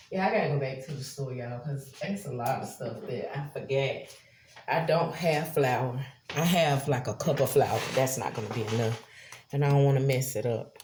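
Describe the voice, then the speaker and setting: Low, slow-talking woman. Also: warm tone, a little hiss or hum. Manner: chatty, addresses viewers as y'all. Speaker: cooking vlogger. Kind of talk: casual cooking vlog. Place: home kitchen.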